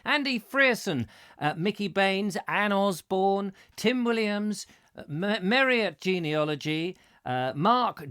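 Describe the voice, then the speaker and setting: Lively, chatty male host. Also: high voice, measured pace, clean tone. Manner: chatty, theatrical, rambling asides. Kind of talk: live chat show, reading viewer comments.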